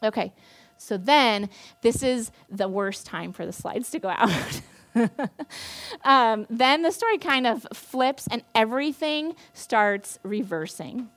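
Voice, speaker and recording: A woman's voice: a little high, animated, slow, fairly bright tone. A young woman giving a casual sermon, retelling a Bible story in a chatty, playful way with lots of fillers. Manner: chatty, playful, acts out quoted characters. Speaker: campus ministry staff speaker.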